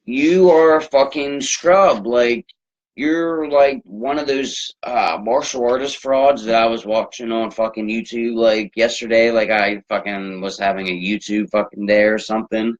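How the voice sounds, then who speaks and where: A man hosting his own sports talk show, ranting in a rambling, profane way with lots of fillers. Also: fairly low pitch. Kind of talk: solo sports rant. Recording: dull lo-fi recording.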